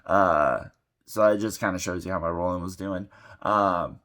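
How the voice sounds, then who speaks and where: Man, low voice, casual tabletop game recap, rambling, lots of ums and restarts, a little under the weather. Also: moderate pace, a bit bright. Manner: rambling, many fillers and restarts. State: sick. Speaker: tabletop game channel host.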